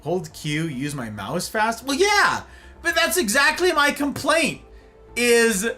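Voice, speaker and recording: A man streams a game live and rants about the controls to his chat and a friend. His voice swings widely in pitch and has a bright, sharp edge. He talks slowly, with faint music behind him. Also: huge pitch swings. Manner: exasperated, ranting about controls.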